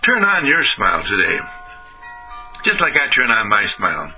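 Lively, bright-voiced man giving an uplifting radio talk. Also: mid-range voice, moderate pace, faint music behind, rough recording. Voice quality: animated, sing-song emphatic delivery. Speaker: spiritual speaker.

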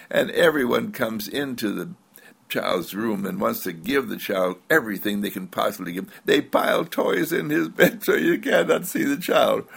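Gravelly lively-voiced male spiritual speaker. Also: on the low side. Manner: slow drawn-out emphasis, playful asides. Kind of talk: inspirational spiritual talk.

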